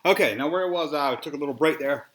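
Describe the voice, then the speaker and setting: A man's voice: fairly high pitch, quick pace, a bit bright. A man from the Southern US with a Southern accent, rambling and ranting on a solo podcast, often sighing. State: dry mouth. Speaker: toy collector podcast host.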